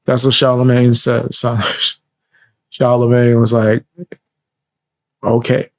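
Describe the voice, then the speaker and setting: Slow, laid-back male commentator. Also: mid-range voice, completely flat delivery. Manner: laid-back, laughs often, street slang. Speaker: reaction commentator. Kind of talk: casual reaction commentary.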